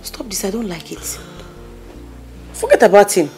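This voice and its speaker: An actress playing a loyal, bossy best friend with a Nigerian accent in a film drama, talking insistently and repeating herself. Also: female voice, medium pitch, sing-song, normal speed, a little mellow, soft background music. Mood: coaxing. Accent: Nigerian, with Pidgin English. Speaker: consoling friend.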